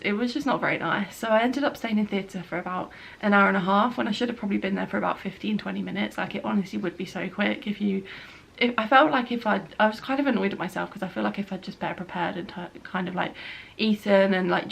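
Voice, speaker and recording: A young woman talks casually to her camera at home, rambling a little and leaning on filler words. Her voice sits in a middle pitch range and has a gravelly fry running through it. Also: quick pace. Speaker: vlogger. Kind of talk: casual spoken update. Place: at home, by a bed.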